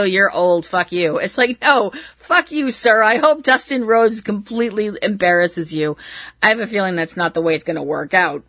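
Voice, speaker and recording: A woman's voice: a little high, bright, forceful tone, dry recording. A middle-aged woman hosting a wrestling podcast, talking casually on her own in a chatty, profane, playfully exasperated way. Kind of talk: casual solo commentary.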